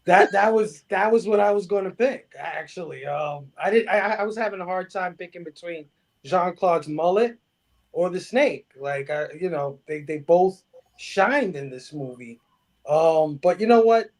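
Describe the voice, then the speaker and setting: A man's voice: high-pitched, expressive, moderate pace. A man co-hosting a movie review podcast, talking casually, swearing freely and restarting his sentences. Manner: swears freely, many restarts, laughs often. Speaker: podcast co-host.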